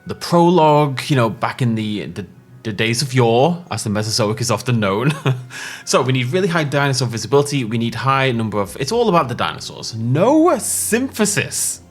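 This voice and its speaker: A man's voice: mid-range voice, expressive, brisk. Chatty, laughing game commentator man. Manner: chatty, laughing, rambling, self-interrupting. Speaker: gaming channel host. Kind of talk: casual let's-play commentary.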